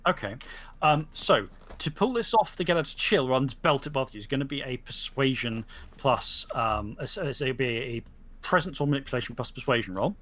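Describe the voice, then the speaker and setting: Animated male game master on a call. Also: medium pitch. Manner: lively, halting narration with many restarts. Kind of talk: narrating a tabletop role-playing game. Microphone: online voice call.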